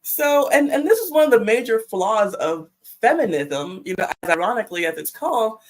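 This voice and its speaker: A woman's voice: a little high, sing-song, a little fast, low-quality recording. A woman on a discussion panel, chatting through a story with many fillers. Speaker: panel guest.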